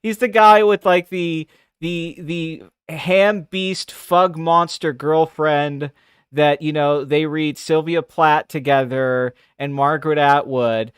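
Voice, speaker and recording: A man's voice: a little high, steady tone, slow, clean tone, dry recording, clean studio sound. A man co-hosting a podcast, ranting crudely and profanely in casual chat. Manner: crude, profane, rambling rants. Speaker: podcast co-host.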